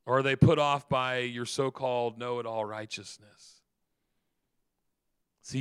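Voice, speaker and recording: A man pastor giving an earnest sermon, repeating phrases and slowing down for emphasis. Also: mid-range voice, smooth, no echo.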